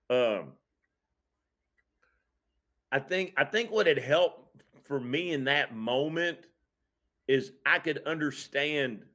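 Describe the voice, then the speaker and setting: A man who coaches high school football, speaking casually on a podcast, reflective and earnest, often restarting his sentences. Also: bright, forceful tone. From Kentucky.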